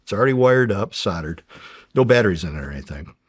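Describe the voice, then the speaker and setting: A man's voice: lowish voice, fast talker, husky, dry recording, studio quality. A middle-aged American man, a former undercover agent, telling stories casually in an interview, swearing freely and acting out the dialogue. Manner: profane, animated storyteller acting out dialogue.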